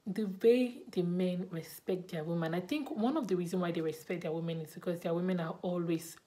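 A woman's voice: on the low side, a little fast, warm tone. A young Nigerian woman with a Nigerian accent, chatting to camera in a casual vlog and repeating words for emphasis. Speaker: vlogger.

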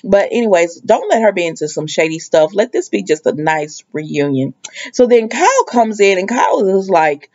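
Woman, soap recap vlogger, chatty storyteller, mid pitch, dull lo-fi sound. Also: lively intonation, normal speed, darkish tone. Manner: chatty storyteller, acts out quoted lines. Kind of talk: casual episode recap.

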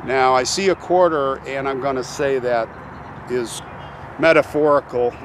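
A man's voice: medium pitch, measured pace, a little hiss or hum. Earnest man speaking reverently outdoors. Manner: earnest and reverent, addressing viewers directly. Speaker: channel host visiting a grave. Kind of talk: emotional on-location vlog. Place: outdoors at a military cemetery.

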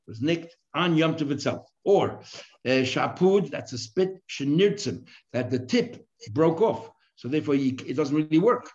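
A man's voice: mid-range voice, darkish tone. Man, rabbi, daily Talmud class, reads Aramaic then explains in English, lo-fi sound.

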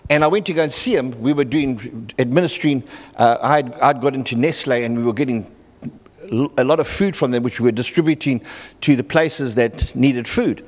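A middle-aged man preaching a sermon, telling stories with halting restarts and acting out the people in them. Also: medium pitch. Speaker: pastor. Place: church hall. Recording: long reverb in a church hall.

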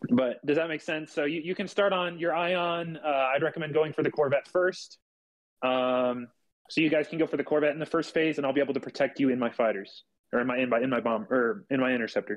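A young man at middle pitch leads his squad over voice chat, stopping and restarting often with many fillers. His voice is ordinary and easygoing, the tone of casual team talk during a game. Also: low-quality recording. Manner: halting, full of fillers and restarts. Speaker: squadron leader and streamer.

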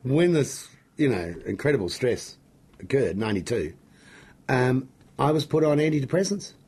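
A middle-aged man with a New Zealand accent and a gravelly, husky voice, telling stories as an interview guest in an excitable, jokey, rambling way. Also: mid-range voice, moderate pace. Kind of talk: animated storytelling in an interview.

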